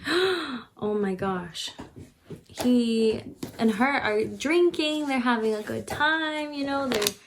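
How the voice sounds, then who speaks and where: A woman's voice: medium pitch, a little hiss or hum. A woman giving a casual book review, chatting as she retells the story and acting out the characters' lines.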